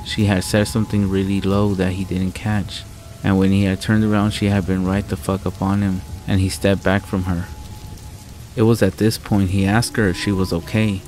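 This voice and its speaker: A man with a low, even voice reads a true horror story aloud, bluntly and with plenty of swearing. His delivery stays level with little rise and fall. Soft music and falling rain sit under the narration. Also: rough recording. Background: soft music and rain sounds.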